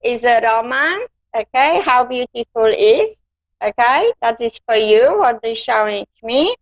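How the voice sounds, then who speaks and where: A woman giving a gentle live-stream psychic reading, calling her listener darling. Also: a little high, lively intonation, measured pace, no room sound. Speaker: psychic card reader. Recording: dull lo-fi dry sound.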